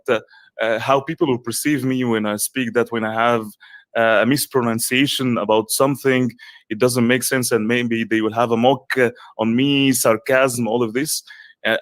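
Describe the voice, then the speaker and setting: A man's voice: mid-range voice, fairly bright tone, no echo. A man with an Arabic accent, speaking English as a second language, answering earnestly as a guest in an online summit interview, with emphatic repetition and frequent restarts.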